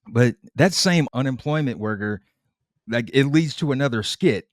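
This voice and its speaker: A man's voice: medium pitch, moderate pace, dry recording, clean studio sound. A man co-hosting a podcast, casually recapping comedy sketches. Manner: recaps sketches with lively acted quotes. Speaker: podcast co-host.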